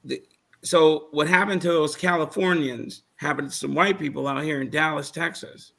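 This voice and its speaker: Gravelly, bright-toned male panelist. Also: fairly high pitch, fairly even intonation, normal speed. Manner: rambling storyteller, trails off and loses names. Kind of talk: casual panel chat.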